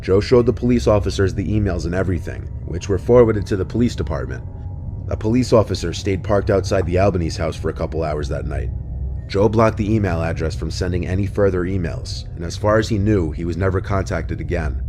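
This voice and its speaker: Deep-voiced man narrating over music. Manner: even, measured storytelling. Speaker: narrator of a documentary video. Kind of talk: scripted narration.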